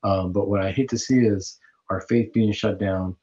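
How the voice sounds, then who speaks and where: A man's voice: lowish voice, fairly even intonation, normal speed, mellow. Earnest man hosting Catholic radio. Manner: earnest, preaching, with fillers and restarts. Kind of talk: radio talk show monologue. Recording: dull lo-fi radio audio.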